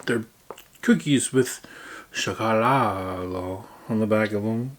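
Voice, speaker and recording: A man's voice: fairly low pitch, slow pace, very noisy. A man casually chatting through a snack taste-test vlog, playful and muttering while he chews. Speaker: vlogger. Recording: crinkling snack bags close by.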